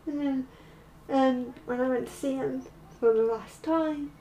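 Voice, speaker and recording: A woman vlogger telling a personal story in a halting way, full of fillers. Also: sits high, mellow, slight background noise. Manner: halting, slow, with many fillers. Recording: roomy, distant mic.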